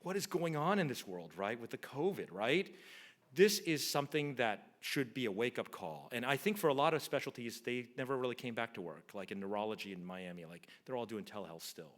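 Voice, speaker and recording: A man giving a surgeon's conference lecture in a mid-range voice. He talks casually and tells stories, acting out what people said to him. He keeps checking in with the audience by asking "right?". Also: medium pitch. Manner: conversational, tags nearly every point with "right?", acts out quoted dialogue. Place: lecture hall.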